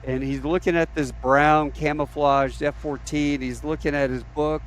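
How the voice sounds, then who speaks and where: A man hosting a podcast, telling an aviation story in a casual, animated way and acting out the quotes. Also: fairly high pitch, normal speed, a little hiss or hum. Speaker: podcast host.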